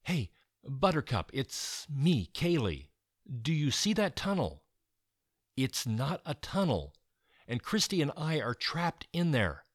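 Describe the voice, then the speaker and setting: A man's voice: on the high side, sing-song, takes it slowly, no echo, studio quality, pitched above the performer's own voice, heavily acted. A man voicing an earnest young girl. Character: brave young girl with a horse.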